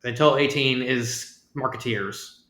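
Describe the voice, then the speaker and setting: A man's voice: medium pitch, measured pace, bright, forceful tone. A man reading fanfiction aloud, often breaking off to comment, stumbling over words and giggling at the text. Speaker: fanfiction reader. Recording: roomy echo.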